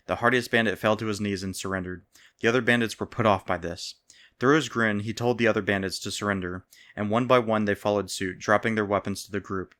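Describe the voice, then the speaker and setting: Guy reading a fantasy story aloud, low voice but bright and forceful. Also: steady tone, fairly quick. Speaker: narrator. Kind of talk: storybook narration.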